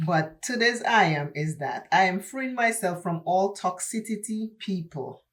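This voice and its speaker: A woman's voice: medium pitch, lively intonation, measured pace, fairly bright tone. A woman with an accent, talking while doing her makeup in a chatty get-ready-with-me vlog, emphatic and preachy, repeating herself for stress. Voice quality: speaks with an accent. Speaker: beauty vlogger.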